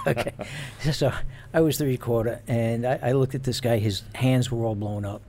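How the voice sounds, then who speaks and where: A man and former police officer telling stories in casual chat, animated and laughing as he goes. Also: mid-range voice, normal speed, a little hiss or hum. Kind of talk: casual storytelling.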